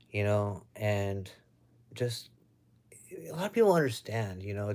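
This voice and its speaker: A young American man chatting casually on a live stream at home, reading out viewer comments in a loose, chatty way. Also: lowish voice. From United States. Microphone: webcam or phone.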